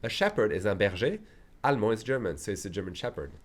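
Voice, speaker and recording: A man's voice: lowish voice, very animated, fast. A French man with a French accent, teaching a chatty beginner language lesson, repeating phrases and checking in often.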